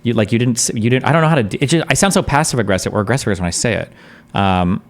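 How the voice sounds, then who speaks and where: A man's voice: mid-range voice, racing. A man casually commenting on a debate during a live stream, blunt, profane and thinking aloud in long rambles.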